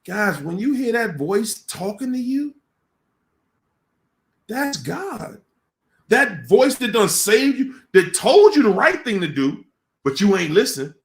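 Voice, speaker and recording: Animated man giving a slangy pep talk. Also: high voice, slow, pauses often. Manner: colloquial, animated storytelling. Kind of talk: casual motivational talk.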